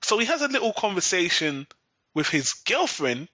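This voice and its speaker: Sarcastic and profane, a podcast host recaps an episode in an exasperated, casual rant. He has a high voice with big pitch swings, bright and forceful, at a moderate pace, and the lo-fi recording is dull and dry.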